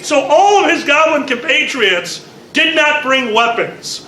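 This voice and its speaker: A man's voice: extremely high pitch, expressive, measured pace, bright, forceful tone, echoey room. A man on a convention panel, fondly telling a story about a friend with a teasing, laughing manner. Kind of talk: casual storytelling.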